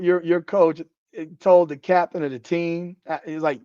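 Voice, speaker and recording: Reading the chat on his live sports podcast, this host trash-talks with excitable profanity through a hoarse, tired throat. He speaks fairly high at a moderate pace, captured without echo in lo-fi sound.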